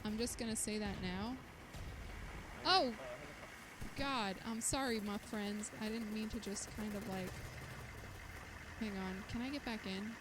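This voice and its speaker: A woman's voice: medium pitch, moderate pace. A woman immunologist streaming a shooter game, chatting to viewers and yelping when things go wrong. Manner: excitable, yelps and chatters to viewers while playing. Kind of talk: live-streamed gameplay commentary. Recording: loud game noise behind voice.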